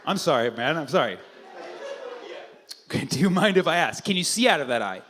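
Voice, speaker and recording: A man doing stand-up crowd work, teasing and profane in quick banter with the audience. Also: on the high side, big pitch swings, noisy background. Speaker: stand-up comedian. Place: comedy club stage.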